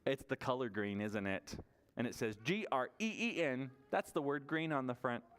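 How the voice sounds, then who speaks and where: A man leading a toddler story time at a library, animated and sing-song as he encourages the children. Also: mid-range voice, normal speed, clean tone. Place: public library room.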